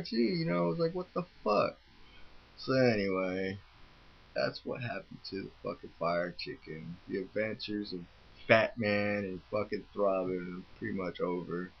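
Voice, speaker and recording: A man's voice: sits low, vocal fry, muffled recording. A man casually telling a rambling, profane story with frequent swearing. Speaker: vlogger.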